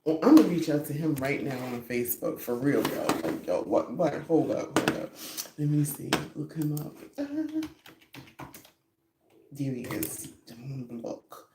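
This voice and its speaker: A woman's voice: a bass voice, animated, unhurried, reverberant, heavy background noise. A woman hosting her own podcast, chatting casually and rambling, often breaking into giggles. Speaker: podcast host. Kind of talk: casual chat.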